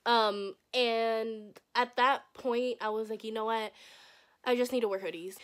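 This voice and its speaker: A young woman vlogger telling a personal story in a casual, blunt, profane way, acting out what people said. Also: fairly high pitch. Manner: profane, blunt, acts out quoted voices.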